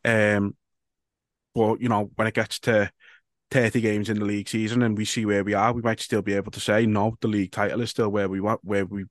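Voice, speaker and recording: A man's voice: lowish voice, flat delivery, brisk, no echo, studio quality. A man, co-hosting a football podcast and reading out listener questions in a laid-back, sweary, wry way. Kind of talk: casual football chat.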